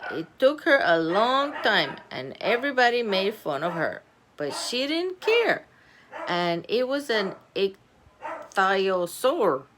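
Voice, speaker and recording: Lively, slow-paced female storybook reader. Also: mid-range voice, background noise. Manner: animated, giggly, stops to comment on the story. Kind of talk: reading a children's chapter book aloud with chatty asides.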